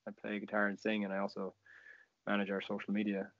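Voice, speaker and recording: A man's voice: fairly low pitch, monotone, fast, dull audio, a crowd in the background. An Irish man, a musician guest on a podcast, thinking aloud in casual chat. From Ireland.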